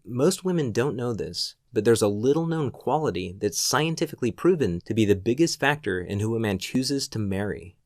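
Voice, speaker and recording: A man reading a scripted sales pitch voice-over in a smooth, persuasive delivery. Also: no echo, clean studio sound.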